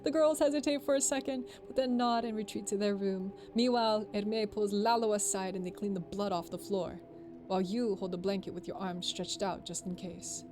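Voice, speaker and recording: A woman's voice: mid-range voice, fairly even intonation, brisk. A young woman streamer reading a visual novel aloud, playful, laughing and voicing the characters. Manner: playful, laughs a lot, does character voices.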